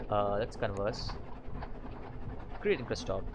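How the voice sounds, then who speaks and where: A man hosts a casual let's-play of a story game, reading its text aloud in a halting way with fillers and restarts. His voice sits at an ordinary middle pitch. A faint background noise runs under the recording. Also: fairly bright tone, rough recording. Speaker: gaming channel host.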